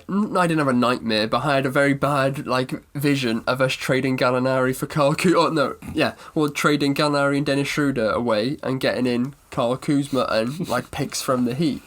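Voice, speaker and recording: A man's voice: mid-range voice, fairly even intonation, moderate pace, few pauses, a bit bright. Rambling man chatting basketball. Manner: rambling, self-correcting, playfully mock-serious. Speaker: podcast co-host. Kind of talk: casual sports chat.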